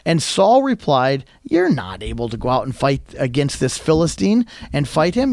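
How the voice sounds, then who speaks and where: A man's voice: a little high, sing-song, normal speed, hardly any pauses, a little mellow, no echo. A man preaching a sermon, retelling a story animatedly and acting out quoted lines in a raised voice.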